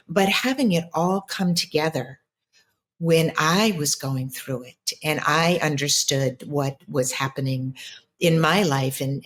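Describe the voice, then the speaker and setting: A middle-aged woman, a spiritual coach, telling a personal story in an interview in an earnest, reflective way with many restarts. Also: low voice. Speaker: ancestral healer and spiritual coach.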